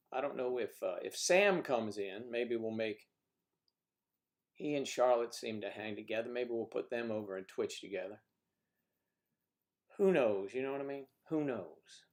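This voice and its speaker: A man hosting a casual livestream chat with guests, rambling and teasing with jokes, talking into a computer mic. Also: mid-range voice. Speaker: livestream host.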